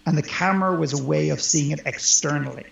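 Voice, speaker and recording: A man's voice: a little high, fast talker, vocal fry. A man who works as a life coach, speaking earnestly and emphatically as an interview guest. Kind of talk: conversational interview. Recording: roomy, dull lo-fi sound.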